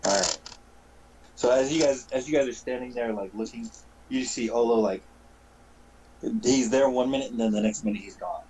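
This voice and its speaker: A man running a tabletop game, talking loosely and haltingly, backing up and restarting as he goes. His voice sits at an ordinary pitch. A faint hiss runs under the recording. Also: a little mellow, rough recording. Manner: casual, halting, many fillers and restarts. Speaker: game master.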